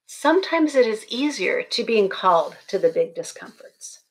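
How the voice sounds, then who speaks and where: A woman's voice: medium pitch, big pitch swings, moderate pace. A woman preaching at a college baccalaureate service, telling a story in a conversational, humorous way. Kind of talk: sermon.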